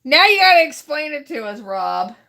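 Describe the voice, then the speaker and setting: A woman's voice: high voice, big pitch swings, normal speed, creaky, sharp tone. A woman with a Southern US accent reading roast jokes aloud as host, giggling between them and stumbling over her lines.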